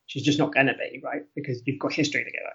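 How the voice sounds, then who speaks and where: A man's voice: mid-range voice, very fast, creaky. A man speaking as an academic podcast guest, explaining ideas conversationally, often laughing and correcting himself mid-sentence. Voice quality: animated, laughs often, frequent self-corrections. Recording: muffled lo-fi audio.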